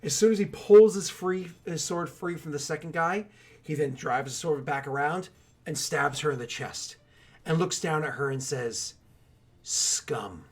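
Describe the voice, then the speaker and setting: A man narrating a tabletop game as game master, telling the scene in an animated way with lots of loose filler words. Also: on the high side, moderate pace.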